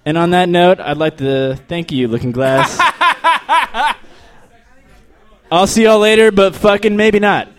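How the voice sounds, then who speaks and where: A young man from Texas doing a crude, deadpan stand-up set, then chatting casually about himself. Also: high voice, takes it slowly, long pauses. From El Paso, Texas. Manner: deadpan, crude, stumbling restarts. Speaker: stand-up comedian.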